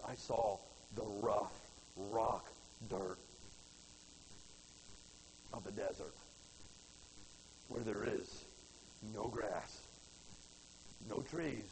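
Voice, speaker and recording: A man preaching a folksy sermon to his church, swinging from loud to hushed. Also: fairly low pitch, slow pace, gravelly, long pauses, a little hiss or hum, rough recording. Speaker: pastor.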